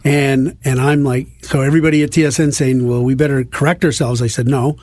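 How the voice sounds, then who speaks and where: A man's voice: mid-range voice, flat delivery, fairly quick, darkish tone, no room sound. A middle-aged man from Canada, a hockey insider, telling self-deprecating stories on a podcast in a studio. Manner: self-deprecating anecdotes with restarts. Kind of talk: casual podcast storytelling.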